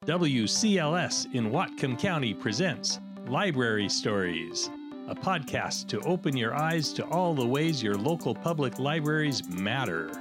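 A man's voice: medium pitch, very animated, a little slow. Man reading a podcast intro over guitar. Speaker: podcast host. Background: guitar music.

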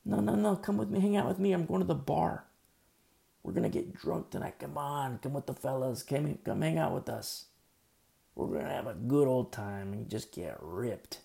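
A jeering worldly man who mocks and sneers at a believer, put on by a preacher in the middle of a sermon. His voice is heavily gravelly with a dark, mellow tone. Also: mid-range voice, lively intonation, moderate pace. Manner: taunting, mocking, then pleading.

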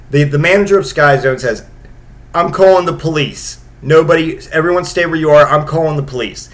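Brief: a sarcastic man in his late thirties, slightly high voice, rambling casual stories full of profanity. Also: a bit bright. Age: late 30s. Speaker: podcast host. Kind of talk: casual comedic storytelling.

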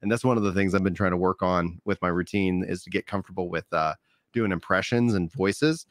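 A man's voice: deep voice, brisk, dry recording, studio quality. A man with a light Texan accent, co-hosting a podcast, chatting casually and laughing often as he jokes. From United States. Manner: laughs often, loose joking delivery. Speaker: podcast co-host and stand-up comedian. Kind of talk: casual chat.

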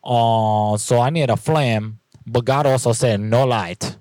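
A man playing a prank caller with a made-up mix of foreign accents and broken English, asking halting, baffled questions. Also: medium pitch, a little mellow, dry recording, close to an everyday voice. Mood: insistent.

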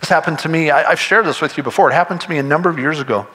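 A man's voice: a little high, rapid-fire, pushed and bright, poor audio. A man preaching a sermon, earnest and conversational, often restarting his sentences and pushing toward emphatic points. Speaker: pastor.

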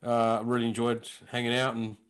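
A faint hiss or hum sits under this man's medium-pitched, moderately paced voice. He's a comedian on a podcast, casually telling animated stories and performing impressions of the people involved.

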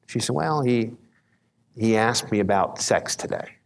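A man's voice: fairly low pitch, a little slow, gravelly, long reverb tail, a little hiss or hum. A man preaching a conversational midweek sermon as pastor, telling folksy stories and often repeating words as he starts sentences.

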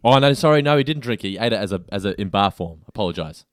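A man's voice: on the low side, expressive, quick pace, no room sound, clean studio sound. A man co-hosting a podcast in casual chat, joking and laughing often. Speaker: podcast co-host.

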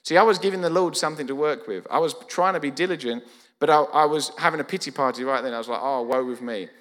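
A man, preaching a sermon as a lively storyteller who acts out quoted dialogue. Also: a little high, quick pace. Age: 40s. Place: church. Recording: church hall reverb.

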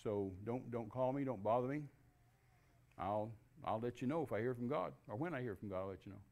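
Older gravelly-voiced preacher telling a story. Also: male voice, medium pitch, a little fast. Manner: animated storyteller, acts out quoted dialogue. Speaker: guest preacher. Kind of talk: storytelling testimony.

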